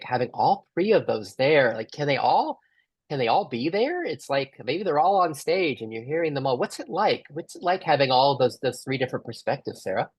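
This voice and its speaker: A man's voice: mid-range voice, darkish tone, husky, dry recording. A man leading a group workshop, asking musing questions and restarting his sentences often. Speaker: workshop facilitator.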